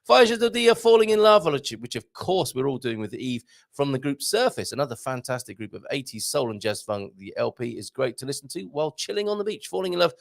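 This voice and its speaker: A middle-aged man hosts a live stream, reading viewer comments, greeting people by name and making puns in a playful chat. His creaky voice moves briskly, its pitch bouncing up and down and jumping high for greetings.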